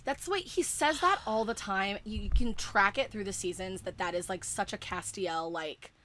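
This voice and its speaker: Young woman, casual chat, excitable and sweary, bright tone. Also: medium pitch, moderate pace, slight background noise. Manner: excitable, emphatic, swears often, many fillers. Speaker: fan podcaster.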